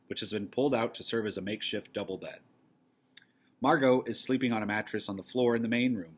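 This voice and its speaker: Male teacher, low husky voice, reads a play's stage directions to his class. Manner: casual and encouraging, then steady narration. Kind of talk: reading a play aloud to a class.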